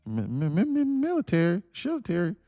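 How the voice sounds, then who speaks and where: A man's voice: high-pitched, wildly swooping pitch, a little fast, mellow, no room sound, clean studio sound, faint music behind, voice pushed up, heavily acted. A man putting on an impression of a rambling, stammering elderly male president who mangles names.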